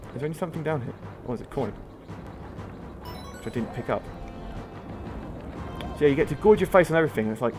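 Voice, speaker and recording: A man's voice: mid-range voice, lively intonation, brisk, pauses often, music in the background. A young man, chatting in rambling casual let's-play commentary while he plays. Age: young adult. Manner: rambling chatty storytelling, many fillers. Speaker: gaming video host.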